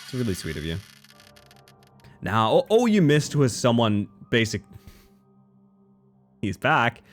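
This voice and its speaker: A man streaming live and chatting casually with his viewers, animated, often breaking into high squeals and laughter. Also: slow, faint music behind. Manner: chatty, thanks viewers warmly.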